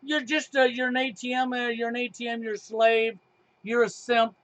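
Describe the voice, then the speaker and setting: A middle-aged man hosts a heated talk show in a very high voice. He talks emphatically, with sarcasm and frequent swearing. The sound is dry, with no room echo. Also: level tone, moderate pace, fairly bright tone. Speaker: podcast host.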